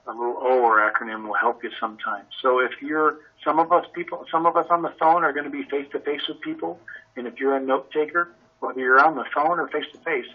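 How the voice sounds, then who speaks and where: A man with a husky, slightly rough voice leads a training session on a conference call. He talks in an energetic, conversational way and keeps firing off rhetorical questions. The sound is dull and lo-fi. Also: a little high. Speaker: sales trainer.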